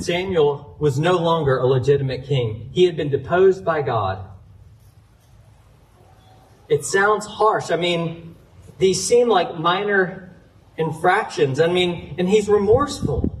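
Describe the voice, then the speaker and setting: A man's voice: on the high side, recorded from a distance, background noise. A man preaching a sermon, retelling a scripture story earnestly and citing chapter and verse as he goes. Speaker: pastor.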